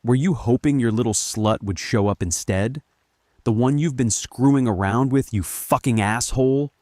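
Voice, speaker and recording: A man's voice: lowish voice, normal speed, dark tone, no echo, studio quality, lightly acted. A man voicing a jealous wife who screams and curses accusations. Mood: furious.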